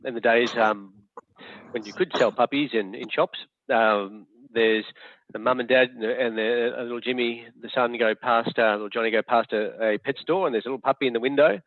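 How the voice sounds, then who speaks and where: Fields: Sex: man. Role: workshop facilitator. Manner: chatty, hesitant, lots of fillers. Pitch: average. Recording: tinny video-call audio, dry. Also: no room sound. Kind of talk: online workshop teaching. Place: home or office on a video call.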